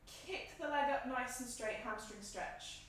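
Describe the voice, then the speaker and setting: Breathy high-voiced yoga teacher, echoey room. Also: female voice, measured pace. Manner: calm, encouraging cues paced with the breath. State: slightly out of breath. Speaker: yoga instructor. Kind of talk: guided yoga class instruction. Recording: echoey room, mic at a distance.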